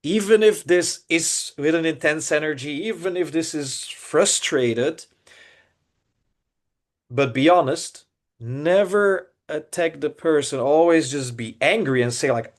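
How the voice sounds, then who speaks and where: A man's voice: on the high side, a little slow. Earnest man musing with many restarts. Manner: earnest, searching, many restarts and repeated words. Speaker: podcast co-host. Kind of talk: reflective casual podcast talk.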